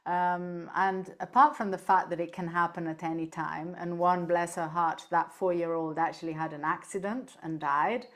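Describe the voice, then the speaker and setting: A woman speaking as a podcast guest on animal end-of-life care, telling lively stories, laughing easily and often checking in with "right?". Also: fairly low pitch, moderate pace, few pauses. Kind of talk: casual interview chat.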